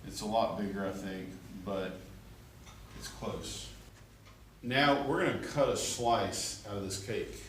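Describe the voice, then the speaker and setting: Guy teaching art, chatty and jokey, lowish voice, echoey classroom picked up from across the room. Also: slow. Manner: chatty, joking, checks in with the class. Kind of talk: classroom drawing demonstration. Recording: echoey classroom from far off, faint room noise.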